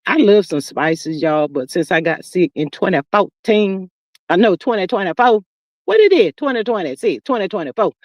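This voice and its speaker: A middle-aged woman hosting a livestream, chatting casually with viewers and reading their comments in an animated, talkative way. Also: mid-range voice, moderate pace, no echo. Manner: chatty and animated, calls viewers "child" and "y'all". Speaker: livestream host. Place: sitting outdoors.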